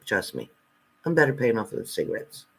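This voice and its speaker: A man hosting a live stream as a spiritual reader, reading out viewer comments and answering them bluntly, swinging between loud outbursts and low muttered asides. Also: very animated, fairly quick, creaky, slightly rough. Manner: blunt and confrontational, talking back to commenters.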